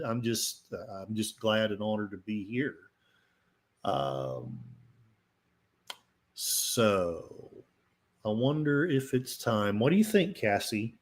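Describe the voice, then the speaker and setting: Man, livestream host, casual rambling chat, unhurried delivery, self-deprecating. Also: medium pitch. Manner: rambling, self-deprecating, talks to his pets. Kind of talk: casual live-stream chat.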